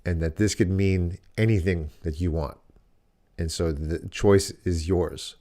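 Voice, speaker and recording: Male podcast co-host, very low voice, casual, meandering storyteller. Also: fairly even intonation, measured pace, mellow. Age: adult dad. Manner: rambling, many restarts and "like" fillers.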